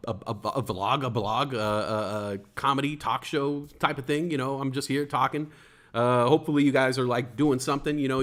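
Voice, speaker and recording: A man's voice: mid-range voice, a bit bright. Rambling, jokey male livestream host. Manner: rambling, with many fillers and stuttered restarts; jokey, playful wordplay. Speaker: livestream talk show host. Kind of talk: casual rambling livestream chat.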